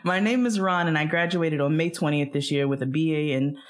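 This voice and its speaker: A young woman co-hosting a casual chat show, chiming in with quick, teasing remarks and reading emails. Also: sits low. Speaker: podcast co-host.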